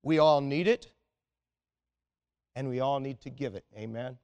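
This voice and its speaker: A male pastor preaching a Sunday sermon in an earnest, exhorting way, often dropping to a quiet, intense tone. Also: mid-range voice, measured pace.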